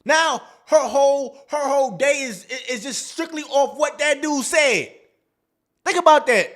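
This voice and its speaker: A man's voice: very high-pitched, measured pace, a bit bright. A man hosting a dating advice talk, in a casual, slangy monologue that acts out quoted lines.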